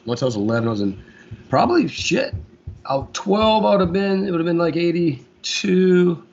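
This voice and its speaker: A man in his forties from Florida, a guest guitarist in a casual interview, talking in a relaxed, rambling way with lots of fillers. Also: high-pitched, moderate pace, creaky, a little hiss or hum. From Florida, USA. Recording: dull lo-fi sound.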